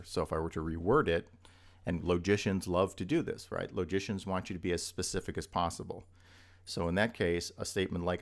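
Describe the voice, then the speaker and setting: A man with a low, gravelly voice teaches an introductory logic lesson. He explains step by step, repeating examples and often pausing to ask "right?" His delivery is that of a recorded lecture. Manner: explanatory, repeats points with frequent "right?" checks. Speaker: logic instructor.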